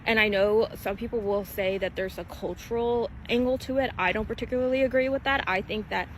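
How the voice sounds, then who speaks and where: A reality-TV commentator giving a measured, analytical opinion. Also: mid-range voice, rough recording. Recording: outdoors with traffic noise.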